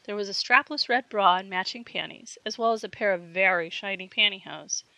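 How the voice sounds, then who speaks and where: Bright-voiced woman narrating a story. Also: mid-range voice, brisk, vocal fry, dry recording, rough recording. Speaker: audiobook narrator. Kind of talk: erotic fiction reading.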